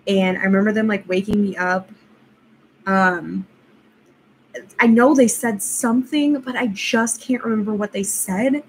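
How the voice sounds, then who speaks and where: Young woman vlogger, casual storytime delivery, mid-pitched, rambling and self-amused, faint background hiss. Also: steady tone, unhurried, poor audio. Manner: rambling, filler-heavy, laughs at herself.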